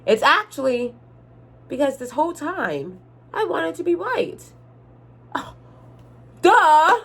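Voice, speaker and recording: A young woman with a soft R sound, telling a storytime rant on her vlog, exasperated and swearing freely. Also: sits high, sing-song, slow. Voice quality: cannot say R sounds. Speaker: vlogger.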